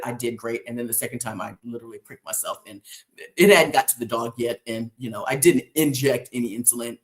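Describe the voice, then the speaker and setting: Guy rambling on his podcast, lots of ums and likes, laughs a bunch, mid-pitched voice. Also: a bit bright. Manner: rambling, many fillers and restarts, chuckles often. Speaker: podcast host. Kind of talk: casual solo chat answering listener questions.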